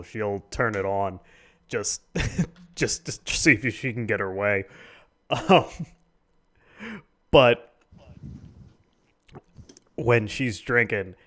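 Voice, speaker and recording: A man's voice: fairly low pitch, a bit bright. A young married man co-hosting a casual drinking stream, teasing his friend and chuckling often. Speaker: co-host.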